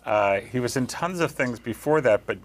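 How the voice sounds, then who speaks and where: A man's voice: mid-range voice, expressive, normal speed. A man on a film critics' panel giving rambling, enthusiastic recommendations. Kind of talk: panel film review chat.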